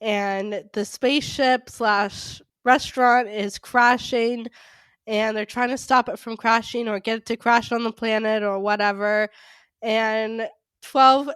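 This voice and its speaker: A woman's voice: a little high, fairly even intonation, slow pace, a bit bright, clear, resonant tone, no room sound. A woman co-hosting a casual fan podcast, gushing and rambling with enthusiasm about favorite moments. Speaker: podcast co-host.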